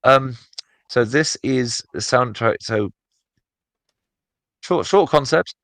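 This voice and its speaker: A man's voice: medium pitch, slow, a bit bright, no echo. A man co-hosting a casual podcast chat, rambling with many fillers and restarts. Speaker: podcast co-host.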